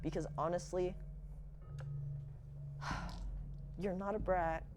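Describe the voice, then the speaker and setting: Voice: mid-range voice, steady tone, drawn-out words, over music, voice pushed up. A game master voicing a young woman who pleads and apologizes to her sister as she dies. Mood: pleading. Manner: pleading, soft, breaking.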